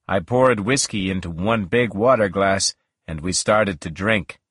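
A man reading a first-person novel aloud in a slow, measured, expressive way. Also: sits low, slightly rough, dry recording, clean studio sound. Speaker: audiobook narrator.

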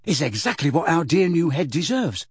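A man's voice: on the high side, very animated, moderate pace, breathy edge, dry recording, clean studio sound, voice pushed up, heavily acted. A man voicing a cool, mischievous teenage boy who teases and plots pranks. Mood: teasing. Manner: cool, teasing.

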